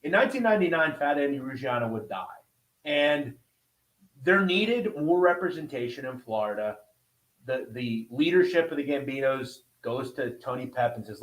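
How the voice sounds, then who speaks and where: A man hosts a podcast at a mid-range pitch, retelling history as loose, chatty storytelling. He swears casually and keeps checking in with his listeners. His voice rings with a noticeable room echo. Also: expressive, moderate pace. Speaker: podcast host. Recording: roomy echo.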